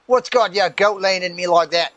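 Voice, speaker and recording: A man's voice: sits high, normal speed, fairly bright tone, voice pushed up. A man doing a put-on Australian accent as a crude, rowdy, grumbling Australian man with brash, slangy, swearing speech.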